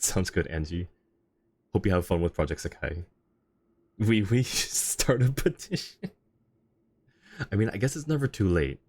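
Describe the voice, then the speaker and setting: A man's voice: deep voice, a little mellow. A man streaming a video game, chatting casually, laughing often and going off on rambling asides. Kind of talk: casual live commentary.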